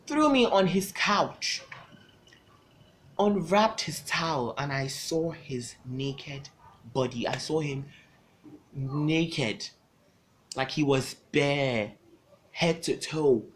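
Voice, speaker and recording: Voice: mid-range voice, a bit bright. A young adult vlogger telling a personal storytime to camera, with dramatic, emphatic delivery, loose casual phrasing and lots of repetition.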